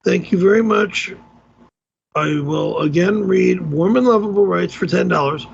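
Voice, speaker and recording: A man hosting a livestream and reading out tips, gruff and easily exasperated, swearing often, talking while wearing a tight neck brace. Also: high-pitched, measured pace, lo-fi sound, slight background noise. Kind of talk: casual livestream talk.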